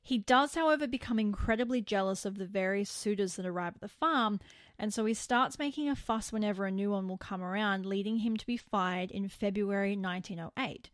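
Brief: woman podcast host, casual true-crime narration, animated asides, dry close mic. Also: medium pitch, fairly quick, dry recording. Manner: animated storytelling, incredulous asides.

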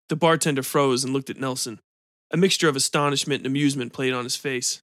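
A man hosting a podcast and reading a short story in an even, measured way. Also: medium pitch, dry recording, studio quality. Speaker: podcast host and narrator. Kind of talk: scripted story narration.

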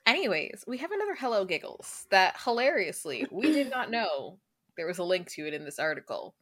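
A woman's voice: medium pitch, sing-song, brisk, background noise. A woman co-hosting a casual podcast chat, talking about friendship, reading lines from an article and laughing often. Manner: chatty, reads article text aloud, laughs a lot. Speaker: podcast co-host.

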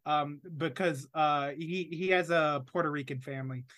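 A man's voice: on the high side, fairly even intonation, normal speed, fairly bright tone. A man co-hosting a podcast, chatting casually about a movie, rambling with lots of fillers and swearing. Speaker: podcast co-host.

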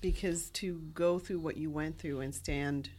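A woman's voice: sits low, fairly even intonation, measured pace, a little mellow. A woman hosting an interview, affirming her guest and asking her questions. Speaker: host. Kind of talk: interview conversation.

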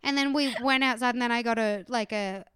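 A fairly high, smooth woman's voice, recorded close and dry with no room sound. She tells stories in casual chat and jumps up loudly when she acts out her own outrage. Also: fairly quick, no room sound.

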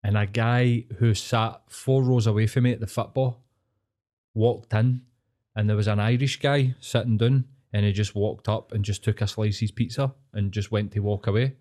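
A man with a Glaswegian Scottish accent, co-hosting a podcast, telling stories in a casual, sweary, animated way. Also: fairly low pitch, normal speed. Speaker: podcast co-host. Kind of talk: casual chat.

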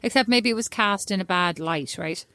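A woman's voice: mid-range voice, normal speed, no echo, clean studio sound. Teasing woman podcast co-host. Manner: teasing, animated storyteller, giggly. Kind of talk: casual chat between sisters.

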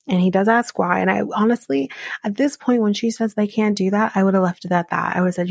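A woman hosts a podcast and recaps a reality show in a chatty, opinionated way, dropping ums and side comments as she goes. Her voice has a gravelly edge. The sound is dry and close, with no room echo. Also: medium pitch, normal speed, darkish tone.

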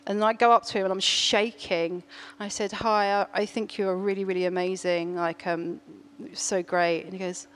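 A middle-aged woman, telling a story in a casual chat, animated, laughing often and restarting her sentences. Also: mid-range voice, brisk, few pauses.

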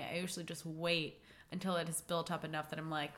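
A woman's voice: sits low, flat delivery, a bit bright. Woman, casual podcast chat, filler-heavy, laughing often. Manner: chatty, many likes, quick laughs.

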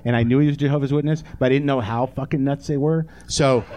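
A man's voice: medium pitch, fairly even intonation, fast talker, dark tone, slight background noise. A man in his forties hosting a comedy podcast live on a theatre stage, riffing with the audience in a profane, sardonic way. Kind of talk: live stand-up banter with audience.

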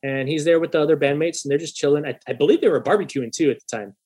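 A young man on a podcast telling a story in casual chat, animated and profane, acting out the voices of people he quotes. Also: fairly high pitch, rapid-fire, husky. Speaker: podcast host.

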